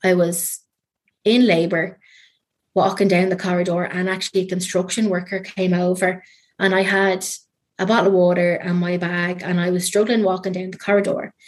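Chatty Irish woman, slightly low voice. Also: little pitch movement, moderate pace. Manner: chatty, many ums and likes, trailing fillers. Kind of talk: casual storytelling in an interview.

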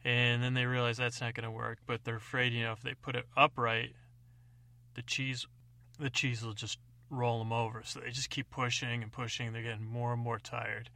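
A man's voice: medium pitch, flat delivery, moderate pace, creaky, bright, forceful tone, no room sound. A man casually narrating an improvised bedtime story, rambling with fillers.

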